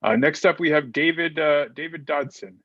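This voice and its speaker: Host, male, online meeting over a video call, halting delivery, dry and dull audio. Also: on the high side, fairly bright tone, no room sound. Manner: halting, repeats words while introducing speakers. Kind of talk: hosting an online club meeting.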